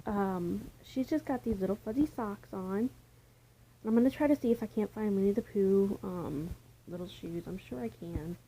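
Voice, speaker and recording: A young woman vlogs casually from indoors at home, rambling and chatty, sometimes sinking to a near-whisper. Her medium-pitched voice is warm with a breathy edge at a normal speed, picked up roughly by a camera mic.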